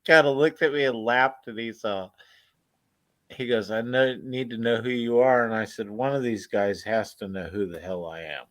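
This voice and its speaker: A man's voice: mid-range voice, normal speed, fairly bright tone, no room sound. Laid-back cursing man telling stories. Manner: laid-back, profane, laughs through his stories. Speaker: storyteller. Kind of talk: casual storytelling chat.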